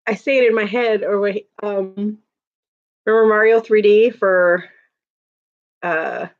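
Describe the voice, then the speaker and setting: A woman's voice: medium pitch, steady tone, measured pace, narrow, tinny audio. Giggly woman chatting on a stream. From Chicago, USA. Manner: giggly, laughs often, chatty filler words. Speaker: livestream host. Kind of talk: casual chat reading viewer comments.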